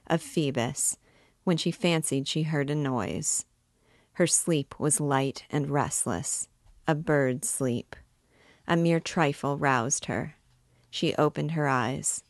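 Slow, low-voiced woman reading a novel. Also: dry recording, studio quality. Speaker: book reader and guide. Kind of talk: literary reading aloud.

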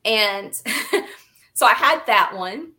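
A woman guest telling animated, laughing stories in casual conversation, often acting out what other people said. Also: medium pitch, extremely slow.

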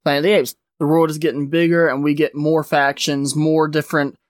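This man's voice sits on the high side, with a level tone and a fairly quick delivery. He hosts a podcast and casually walks through a comic's storyline, rambling and leaning heavily on "like" and "uh." The sound is dry and studio quality.

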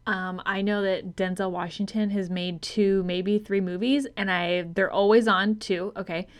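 A young woman co-hosting a casual movie podcast, laid-back and deadpan, laughing often. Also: medium pitch, a little slow, smooth. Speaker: podcast co-host.

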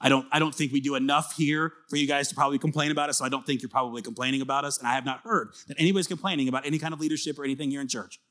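A man preaching a sermon as pastor, earnest and conversational, swinging from emphatic bursts to soft confiding asides. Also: mid-range voice, steady tone, very fast, hardly any pauses.

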